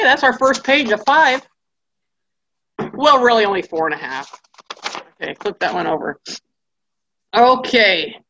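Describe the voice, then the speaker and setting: A woman teaching a Bible study class in a lively storytelling style, acting out the people in her stories. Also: medium pitch, lo-fi sound. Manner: acts out characters' voices in quotes.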